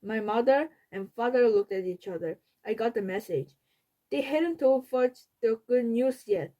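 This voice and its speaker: A woman, a native Korean speaker, reads a children's book aloud in English at a slow, deliberate pace. Her voice sits fairly high and every word is placed with care. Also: warm tone, poor audio.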